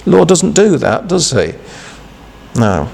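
Gravelly-voiced man preaching a homely sermon. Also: a little high, big pitch swings, darkish tone. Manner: halting, conversational, with many restarts and rhetorical questions. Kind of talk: informal devotional sermon.

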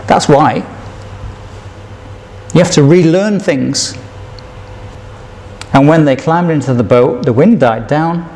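A male preacher delivering a sermon with a fairly high voice. He takes his time, reads scripture out and keeps asking his listeners questions. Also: slow pace, pauses often, darkish tone.

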